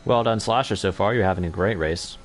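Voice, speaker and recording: Man, young adult, race commentator, low voice, casual and self-correcting, light background noise. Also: brisk. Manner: chatty, self-correcting, gets excited during battles. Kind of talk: sim racing commentary.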